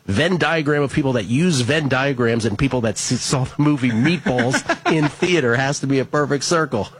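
A man hosting a sports betting show, reading listener tweets aloud in a casual, wry, joking way. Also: mid-range voice. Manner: wry, joking, reads names and stats quickly.

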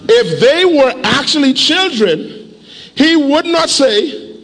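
A man pastor preaching a sermon in a church, animated and urging the congregation to respond. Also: very high-pitched, takes it slowly, vocal fry, long reverb tail. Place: church sanctuary.

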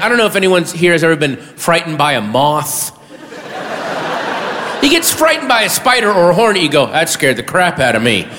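A man doing a stand-up comedy set, animated and bursting into shouted punchlines, on a stage before an audience. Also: on the high side. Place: large hall with audience. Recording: live hall with crowd noise.

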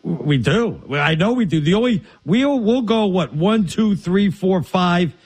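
A man co-hosting a sports talk show, telling his stories in an excitable, animated way. His voice sits a little high for a man. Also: unhurried, slightly rough. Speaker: co-host. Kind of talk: casual sports radio chat.

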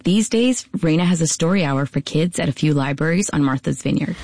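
A woman's voice: low-pitched, brisk, darkish tone. A woman radio reporter narrating a scripted feature story.

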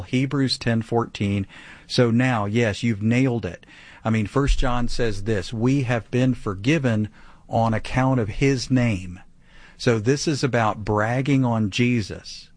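A man's voice: mid-range voice, a little slow, no room sound. A man teaching the Bible on a call-in show, earnest and emphatic, with conversational preaching that repeats key phrases for stress. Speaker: radio Bible teacher answering a caller.

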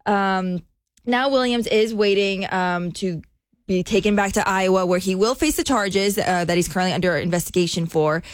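A woman's voice: medium pitch, normal speed, no echo. Brief: woman radio co-host, chatty, giggly, dry close mic. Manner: giggly, self-deprecating. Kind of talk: morning radio banter and news story.

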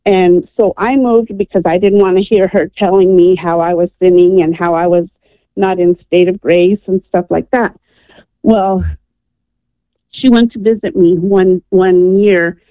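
A woman's voice: on the low side, fairly even intonation, a little slow, no echo. A woman from New Mexico tells a personal story as a caller on a call-in radio show. She speaks earnestly and with animation, and she acts out the people in her tale. Her voice comes through a narrow, tinny phone line and sounds dry. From New Mexico, USA.

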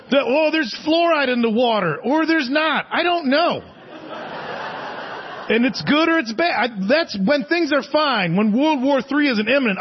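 A man's voice: very high-pitched, highs cut off. A man in his forties doing a live stand-up set on a theater stage, rambling and self-mocking, chuckling at his own jokes. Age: 40s. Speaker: stand-up comedian. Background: audience laughter.

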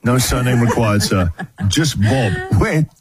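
A man's voice: mid-range voice, animated, unhurried, over a noisy crowd. A man hosting a radio show, chatting casually and jokily and laughing often at his own bits. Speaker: radio host. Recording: music bed playing loudly behind.

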